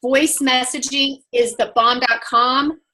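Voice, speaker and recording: An upbeat sales trainer with an Oklahoma accent leads a group coaching talk in a bright, slightly high voice, speaking emphatically and with energy. Her tone stays steady and her pace is slow, though the recording quality is low.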